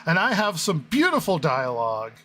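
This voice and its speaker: A man's voice: a little high, huge pitch swings, moderate pace, sharp tone, a little hiss or hum. Sarcastic podcast host, man. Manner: sarcastic, reads listener comments and reviews aloud. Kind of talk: casual chat.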